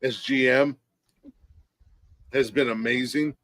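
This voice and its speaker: A man's voice: medium pitch, steady tone, takes it slowly, a bit bright, dry recording. Heated, profane man ranting. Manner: profane, heated, lots of restarts. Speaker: podcast co-host. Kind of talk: casual sports chat.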